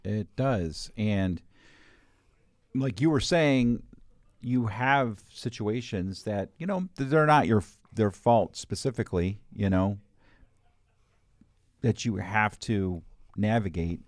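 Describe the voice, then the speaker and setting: A man's voice: fairly low pitch, lively intonation, slow pace, long pauses, no room sound, studio quality. Joking male podcast host. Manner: joking, laughs often. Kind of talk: casual podcast chat.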